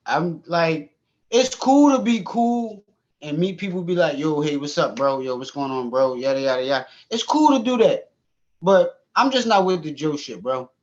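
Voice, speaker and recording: Animated profane man telling stories. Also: on the high side, moderate pace, lo-fi sound. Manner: animated, profane, laughs often. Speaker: podcast co-host. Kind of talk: casual storytelling chat.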